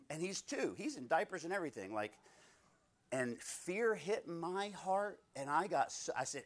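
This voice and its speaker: A man's voice: fairly high pitch, lively intonation, normal speed. A man in his thirties leading a Bible study, preaching conversationally through personal stories and often asking his listeners "right?".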